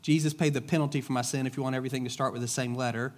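A middle-aged man delivers a sermon in a relaxed, conversational way, slipping in jokes and retelling a parable. His voice sits at a middle pitch, like plain everyday talk. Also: racing. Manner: casual, joking, storytelling. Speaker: pastor. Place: church sanctuary.

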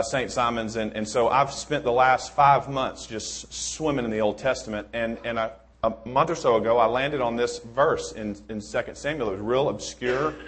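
A man's voice: medium pitch, husky. Easygoing male preacher, chatty and rambling, restarts often, jokes before scripture. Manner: informal, rambling, many restarts, joking. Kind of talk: sermon.

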